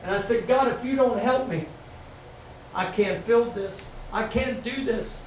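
In a church sanctuary, a middle-aged pastor with a high voice delivers a sermon at a measured pace, using repetitive call-and-response. The mic catches him from a distance in the echoey space, with faint ambient noise behind.

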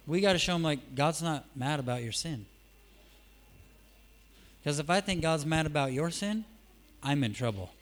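Animated man preaching a sermon. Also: fairly high pitch, normal speed, long pauses. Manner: animated, conversational, swings from soft asides to loud emphatic peaks. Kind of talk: sermon with storytelling.

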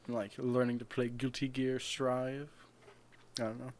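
A man's voice: mid-range voice, little pitch movement, unhurried, darkish tone, slight background noise. A young man co-hosting a podcast, rambling and joking in casual chat. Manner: rambling, jokey, with mocking put-on rants. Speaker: podcast co-host.

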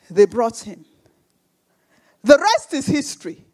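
A woman delivering a sermon in a high, animated voice that swings widely in pitch. She speaks slowly and with emphasis, repeating her phrases. She acts out the voices of the people in her stories. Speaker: preacher.

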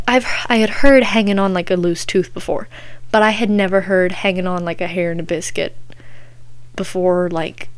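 Giggly young woman chatting. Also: medium pitch. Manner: giggly, chatty storytelling full of "like". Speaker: podcast host. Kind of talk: casual chat.

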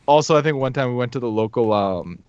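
A young man casually telling a story on a podcast, animated, laughing often and acting out what people said. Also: medium pitch, fast talker, clean tone, lo-fi sound.

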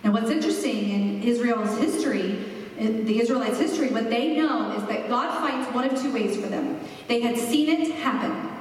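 Woman preaching in an echoey hall. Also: a little high. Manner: expressive, slows for emphasis. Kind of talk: sermon. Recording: echoey hall, mic far off.

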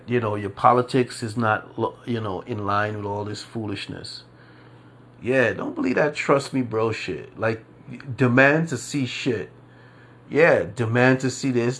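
A man hosting a casual solo podcast, ranting in disbelief, profane and rambling, with lots of repeats and fillers. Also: medium pitch. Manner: drawn-out disbelieving emphasis. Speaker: podcast host.

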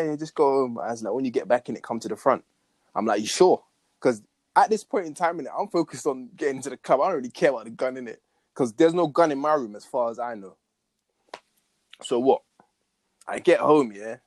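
Young man, mid-pitched, dry close sound, slangy storyteller. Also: brisk, dry recording. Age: young adult. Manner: slangy, matter-of-fact retelling. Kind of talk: casual storytelling chat.

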